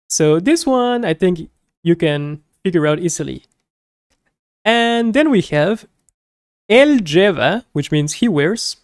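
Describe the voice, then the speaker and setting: A woman teaching a beginner Spanish lesson, repeating each word slowly and carefully, with light laughs as she explains. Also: mid-range voice, no echo, clean studio sound. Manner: slow, careful repetition of words.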